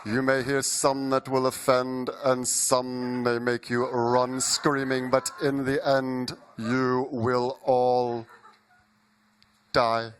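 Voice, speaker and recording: A man putting on the voice of a sinister, deep-voiced male villain who talks slowly and theatrically. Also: monotone, a little hiss or hum, lightly acted. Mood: menacing. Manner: drawn-out, menacing, theatrical.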